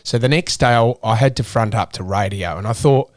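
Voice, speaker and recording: A man's voice: fairly low pitch, fairly quick, no room sound, studio quality. An Australian man in his thirties talking candidly and earnestly as an interview guest, often restarting his sentences. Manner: earnest, emotional, with many restarts.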